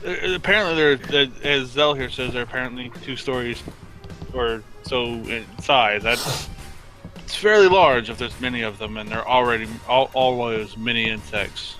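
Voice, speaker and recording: A man's voice: mid-range voice, normal speed, bright, forceful tone, soft background music, poor audio. Hesitant man playing a tabletop game. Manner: hesitant, with fillers. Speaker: player. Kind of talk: casual tabletop game chat.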